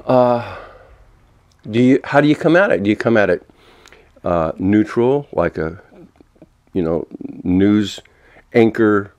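A man in his seventies ranting alone at home, swearing a lot and swinging between angry outbursts and a soft, mock-gentle tone. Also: on the low side. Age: 70s. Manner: frequent swearing and self-mocking laughs. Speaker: vlogger. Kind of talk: unscripted solo rant. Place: walking around indoors at home.

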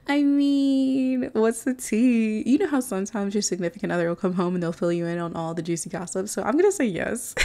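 A woman narrates her life-simulation gameplay in an easy, chatty way. Her voice sits a little low and sounds mellow and soft. She keeps breaking into the characters' lines and texts herself. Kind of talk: casual let's-play narration.

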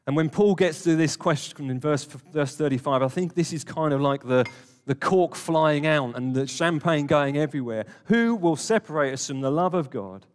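A man preaching a conversational, emphatic sermon to a live congregation, with jokey asides. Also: on the high side. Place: warm church hall, live congregation. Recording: long hall reverb.

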